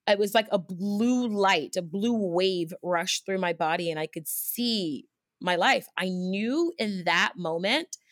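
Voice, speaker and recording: A woman who works as a cycling instructor, telling a personal story in conversation with an earnest, lively manner, often restarting her sentences and dropping in fillers. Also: medium pitch, no room sound, clean studio sound.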